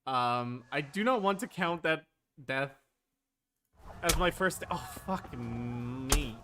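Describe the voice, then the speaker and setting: A man's voice: mid-range voice, lively intonation, slow pace, background noise. A young man giving casual, flustered commentary while playing a game, with frequent exclamations. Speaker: gameplay streamer.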